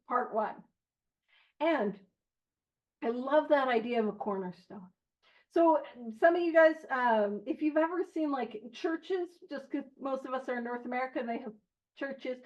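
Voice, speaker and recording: A woman leading an online recovery study group, reading passages aloud and chatting through them with animated, jokey digressions. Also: sits high, normal speed. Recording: slightly muffled online stream audio.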